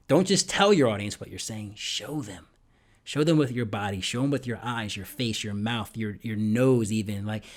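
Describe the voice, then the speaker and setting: Animated man hosting a motivational podcast. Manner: animated, repeats points and asks "right?"; drops to a whisper for emphasis, then booms. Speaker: podcast host.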